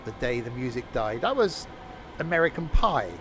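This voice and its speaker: A man's voice: medium pitch, sing-song, normal speed, background noise. A man streaming a train simulator, chatting casually and jokily while doing silly mock passenger announcements. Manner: chatty, silly, jokey asides.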